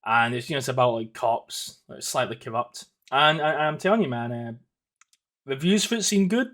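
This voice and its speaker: A man's voice: medium pitch, expressive, moderate pace, fairly bright tone. A Scottish man in his thirties hosting a casual solo podcast. He rambles and swears, with plenty of ums and restarts. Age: 30s. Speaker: podcast host.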